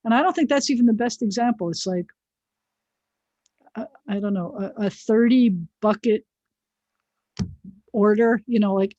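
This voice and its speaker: A woman's voice: on the high side, normal speed, pauses often, mellow, no echo. Chatty woman rabbi teaching over video call. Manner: chatty, digressive, explains word by word with asides. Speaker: rabbi teaching biblical Hebrew. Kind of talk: online class lecture. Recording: dull, dry video-call audio.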